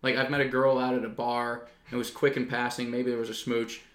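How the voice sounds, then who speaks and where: A man's voice: medium pitch, flat delivery, brisk, fairly bright tone. A young man co-hosting a podcast, talking in a blunt, jokey, rambling way. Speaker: podcast co-host. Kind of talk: casual chat. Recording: echoey room.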